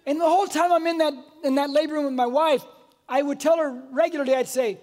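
High-voiced older guy preaching, wears a mic, animated stories, acts out voices. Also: quick pace. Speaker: pastor. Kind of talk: sermon. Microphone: wearing a mic.

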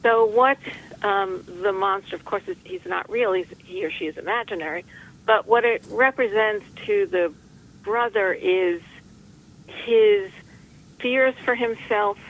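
Gravelly, reflective author guest. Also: mid-range voice, a bit bright, poor audio. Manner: reflective, rambling with restarts and jokes. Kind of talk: conversational interview.

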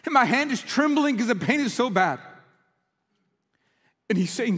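High-voiced pastor preaching in an echoing hall. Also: male voice, animated, fairly quick, a bit bright. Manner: earnest, emotional preaching. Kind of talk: sermon. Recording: reverberant hall.

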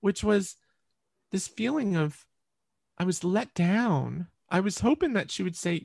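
Woman guest, earnest storytelling, repeats herself, gravelly voice, dry close sound. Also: medium pitch, animated, a little slow, a little mellow, no echo. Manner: earnest, repeats words while recalling. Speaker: interview guest. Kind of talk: personal storytelling in conversation.

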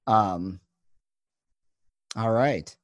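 A man co-hosting a podcast in casual chat, animated and swearing freely. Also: lowish voice, very slow, muffled recording. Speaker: podcast co-host.

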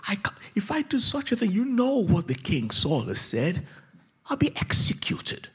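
A man preaching a sermon voices a frightened old witch woman in a husky, high, strained voice. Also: huge pitch swings, normal speed, fairly bright tone, heavily acted. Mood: fearful. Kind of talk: sermon storytelling.

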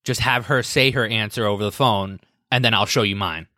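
Brief: man, podcast co-host, chatty storyteller, bright forceful tone, dry. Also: lowish voice, brisk, dry recording. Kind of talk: casual chat.

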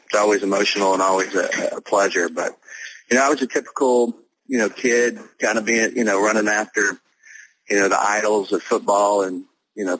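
A man who is a pastor, talking as a podcast guest in an easygoing way with many fillers, with a husky voice. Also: low voice, a bit bright, a little hiss or hum, poor audio. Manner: easygoing, full of verbal fillers. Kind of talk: casual podcast interview.

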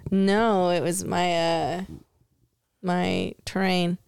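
A woman chatting casually on a podcast in a fairly low, smooth and resonant voice. The sound is close and dry, with no room echo, and her remarks come out relaxed and offhand. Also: slow. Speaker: podcast co-host. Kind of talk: casual chat.

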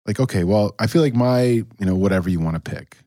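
A man's voice: lowish voice, quick pace, mellow, dry recording, clean studio sound. A man co-hosting a church podcast, chatting casually about faith with lots of fillers and restarts. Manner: rambling, many fillers and restarts. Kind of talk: casual chat.

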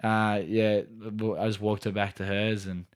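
A man's voice: on the low side, level tone, unhurried. A young man with an Australian accent, co-hosting a casual podcast and rambling through a story, full of filler words and swearing. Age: young adult. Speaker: podcast co-host. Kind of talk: casual chat.

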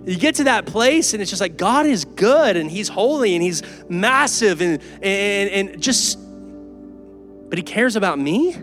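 A pastor preaching an earnest, emphatic and conversational sermon in a church. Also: male voice, sits high, lively intonation, unhurried, a bit bright, soft background music. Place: church sanctuary.

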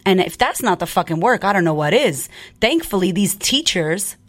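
A woman's voice: mid-range voice, very animated, normal speed. A woman podcast host and coach talking in a blunt, profane, fired-up way in a casual monologue.

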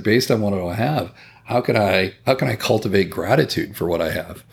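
A man's voice: low voice, creaky. A man talking in a casual podcast conversation, earnest and reflective, swearing now and then.

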